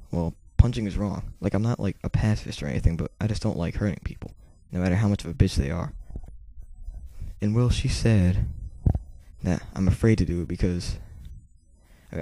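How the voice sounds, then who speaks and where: A teenage boy talks straight to camera in a rambling, casual way, full of fillers and swearing. His voice sits fairly low and has a gravelly edge. The tone is very dark, and his volume rises and falls throughout. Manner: volume swings between quiet and loud. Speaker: vlogger. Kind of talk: casual storytelling monologue.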